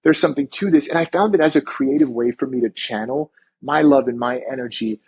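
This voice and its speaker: A man telling a story on a podcast, full of life and acting out every quoted line as he goes. His voice sits at a middle pitch with a husky, slightly breathy edge. He talks casually and lets the odd swear word slip. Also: a little fast, a little mellow. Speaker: chiropractor and wellness coach, podcast guest.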